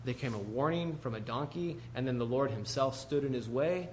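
A man preaching a conversational sermon in an animated, chatty way, full of asides to the congregation. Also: medium pitch, moderate pace, a little hiss or hum.

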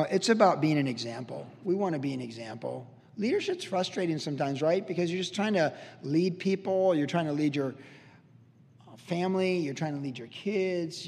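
Man, pastor, chatty animated sermon, fairly high pitch, long hall reverb. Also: vocal fry. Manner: conversational, animated storytelling with frequent restarts.

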